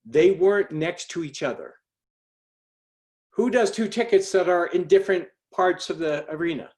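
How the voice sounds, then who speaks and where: A middle-aged man, a speaker, telling a personal story on a group call in an animated, conversational way, with many fillers and restarts. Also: high voice, moderate pace.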